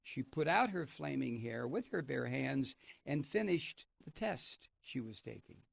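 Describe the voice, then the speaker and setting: Gravelly, profane political radio host. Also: male voice, medium pitch, very animated, measured pace, dry recording. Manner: sardonic, profane ranting. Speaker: radio talk show host. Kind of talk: political commentary, reading and remarking on an article.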